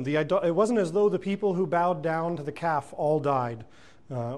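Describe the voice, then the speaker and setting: Thoughtful man teaching scripture, slightly higher voice. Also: a little mellow. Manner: thoughtful, frequent fillers and self-corrections; reads scripture aloud then comments. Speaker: Bible teacher. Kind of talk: verse-by-verse Bible teaching.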